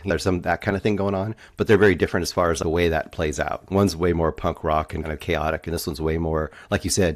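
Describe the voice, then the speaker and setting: Deep-voiced man co-hosting a podcast. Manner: thoughtful, laughs easily. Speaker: podcast co-host. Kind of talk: casual movie review chat.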